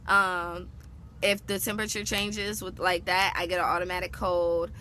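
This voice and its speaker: A young woman vlogger telling a personal story in a casual, animated, heavily profane and slangy way. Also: fairly low pitch, normal speed, slight background noise.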